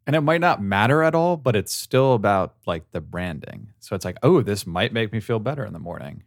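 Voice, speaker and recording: Low-voiced man rambling animatedly. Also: expressive, fairly quick, no room sound, studio quality. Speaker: podcast co-host. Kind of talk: casual chat.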